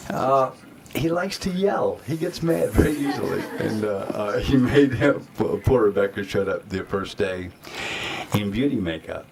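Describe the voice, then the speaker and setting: A man's voice: on the low side, animated, measured pace, creaky, crowd noise. An older man, a guest actor at a festival Q&A, telling rambling anecdotes full of acted-out quotes. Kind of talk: festival Q&A storytelling. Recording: audience noise in a festival hall.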